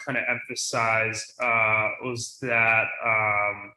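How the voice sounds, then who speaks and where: A man's voice: lowish voice, little pitch movement, slow, roomy sound, noisy background. A young man co-hosting a fantasy league podcast, chatting casually and thinking aloud with lots of fillers. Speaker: podcast co-host.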